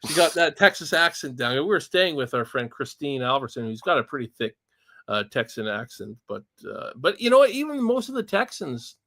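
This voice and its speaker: A man's voice: medium pitch, very animated, brisk, a bit bright, no room sound. A Canadian man hosting a casual livestream chat, rambling with frequent chuckles and restarts. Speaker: podcast host.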